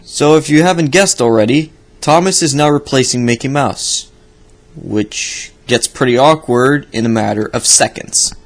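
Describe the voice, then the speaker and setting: A man's voice: mid-range voice, moderate pace, soft background music. A man giving sarcastic, profane reaction commentary on a video, ranting at what he sees. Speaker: video reviewer.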